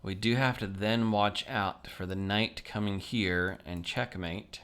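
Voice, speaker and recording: A man's voice: on the low side, fairly even intonation, a little slow, fairly bright tone. A man solving chess puzzles on video, talking casually to himself and his viewers as he thinks aloud. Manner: chatty, self-talking, plain everyday tone.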